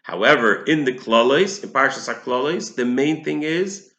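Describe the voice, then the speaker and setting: A man's voice: mid-range voice, lively intonation, normal speed, bright, forceful tone, echoey room, muffled recording. A man giving a lesson on a religious text, explaining it step by step, often restarting and restating his points. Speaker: Torah teacher.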